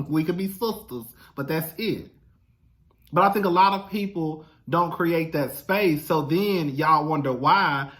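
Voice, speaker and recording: A man's voice: sits high, a bit bright. A man talking in a casual monologue, blunt, profane and emphatic, who keeps addressing his listener as "girl". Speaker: vlogger.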